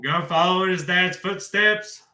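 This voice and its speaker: Man, very bright and sharp tone, echoey room, folksy emotional sports talk. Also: sits high, unhurried. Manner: emotional, folksy, addresses viewers as y'all. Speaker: college football commentator. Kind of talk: casual sports vlog.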